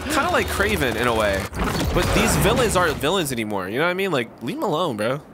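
Excitable young man playing a game. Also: on the high side, fast talker, faint music behind. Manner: excitable, shouts and laughs while playing. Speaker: gaming streamer. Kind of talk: casual gameplay commentary.

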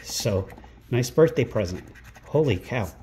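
A man narrates his scratch-ticket vlog from indoors at a rental home, calling out each number at an unhurried, drawn-out pace. His voice is mellow and soft-edged, and he breaks into excited exclamations. A faint hiss of noise sits behind him. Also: mid-range voice. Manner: calls out numbers one by one, bursts into excited exclamations. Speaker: scratch-ticket channel host.

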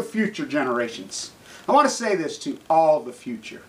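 A middle-aged man ranting angrily to camera, swearing constantly and swinging from low mutters to shouts. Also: sing-song, a little fast, poor audio. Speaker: activist vlogger. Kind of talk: angry profane rant to camera.

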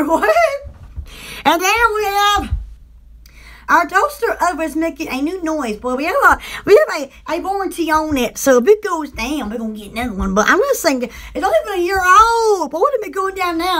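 Giggly, very high-voiced woman host. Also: lively intonation, normal speed, a bit bright. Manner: giggly, rambling, laughs often; imitates appliance noises. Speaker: host of a home shopping live stream. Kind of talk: casual live-stream chat.

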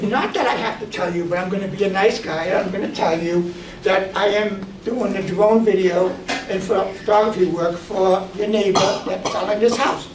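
Man, animated storyteller, casual chat, echoey room, noisy distant recording. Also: high voice, moderate pace. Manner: animated, acts out quoted voices. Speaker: drone photographer guest. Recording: roomy, distant mic, noisy.

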